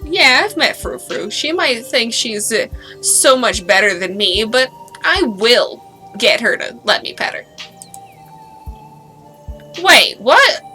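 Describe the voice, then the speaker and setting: A woman's voice: on the high side, big pitch swings, takes it slowly, long pauses, bright, forceful tone, soft background music. A woman streaming a story game, reading its dialogue aloud and chatting with a friend, laughing often. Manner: giggly, does character voices. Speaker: streamer voicing a visual novel.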